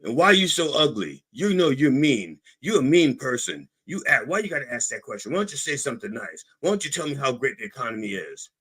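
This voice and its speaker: A blustering, defensive politician who boasts and then turns petulant, as a man puts him on. The voice is husky and lifted above the speaker's usual low register. It swings widely in pitch as he whines. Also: very animated, brisk, hardly any pauses, a bit bright, rough recording. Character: blustering defensive male politician, puffed up and whiny.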